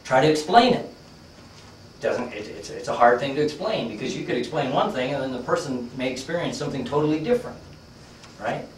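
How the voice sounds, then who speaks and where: A man's voice: medium pitch, expressive, brisk, reverberant, recorded from a distance, a little hiss or hum, poor audio. A man teaching a workshop class, telling a story in a conversational, folksy way with lots of fillers. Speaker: workshop trainer.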